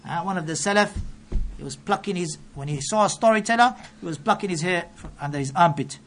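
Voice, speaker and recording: A man gives a sermon at a brisk clip. He is emphatic and keeps putting rhetorical questions to his listeners. He rattles off quoted scripture quickly between his points. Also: high-pitched, fairly bright tone, a little hiss or hum. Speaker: preacher.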